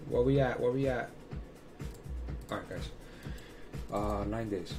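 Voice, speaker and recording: A man's voice: medium pitch, a little slow, over music. A man giving casual chart commentary as host of his channel, emphatic and repetitive, swearing freely. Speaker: crypto chart analyst hosting his channel.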